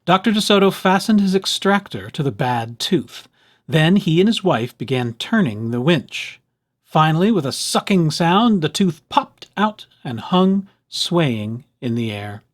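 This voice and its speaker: With expressive, animated storytelling, a man reads a children's picture book aloud. His voice sits a little high, and he keeps a measured pace.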